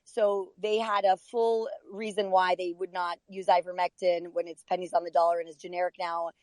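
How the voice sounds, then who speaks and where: A woman explaining details in a hurried, informative way during a casual online group discussion. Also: on the low side, level tone, a little mellow, no room sound, rough recording.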